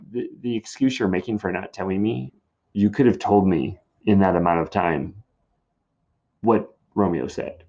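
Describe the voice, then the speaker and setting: Husky, gravelly man explaining a play. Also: deep voice, moderate pace, a little mellow. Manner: chatty, laid-back, with fillers and asides. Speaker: teacher. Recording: dull lo-fi recording.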